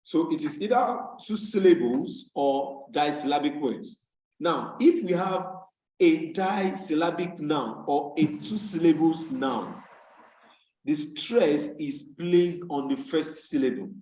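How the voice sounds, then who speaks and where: A man from Nigeria teaches an online tutorial, his voice sitting a little high. He explains rules patiently and repeats key words slowly for students to copy. The call audio carries a noticeable room echo. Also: expressive, darkish tone. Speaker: English tutor. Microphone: video call. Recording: echoey room on a video call.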